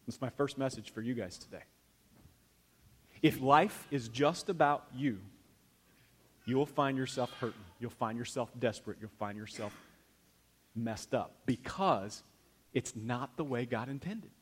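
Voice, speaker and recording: A middle-aged male pastor preaching a sermon in a folksy, conversational way, swinging from hushed to loud. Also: mid-range voice, a little fast.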